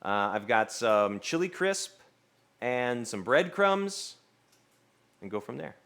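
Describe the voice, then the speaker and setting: A man's voice: mid-range voice, big pitch swings, slow pace, a bit bright. A man streaming himself cooking, chatting casually and playfully with his viewers and laughing often.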